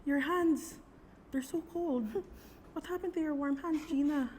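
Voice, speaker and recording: A woman's voice: high-pitched, measured pace, a little hiss or hum. A woman playing a tender old mother. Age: older. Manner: gentle, tender, mixing in Tagalog words. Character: elderly Filipino mother, tender and self-deprecating. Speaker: mother in a stage scene. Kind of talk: student theater acting.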